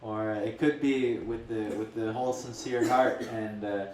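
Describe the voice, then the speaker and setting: A man's voice: lowish voice, fairly even intonation, measured pace, a little mellow, slight background noise. Male spiritual teacher, casual rambling storyteller, distant mic, echoey room. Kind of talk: storytelling talk.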